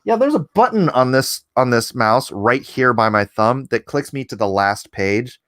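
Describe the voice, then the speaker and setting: A man hosting a casual livestream, chuckling often and reading chat aloud, a little hoarse after coughing. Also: medium pitch, expressive, normal speed, fairly bright tone. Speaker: livestream host.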